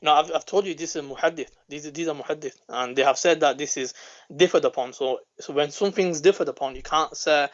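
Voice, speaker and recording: Calm man caller on muffled line. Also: fairly high pitch, a little fast. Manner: calm, methodical, hesitant with fillers. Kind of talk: measured debate with scholarly citations.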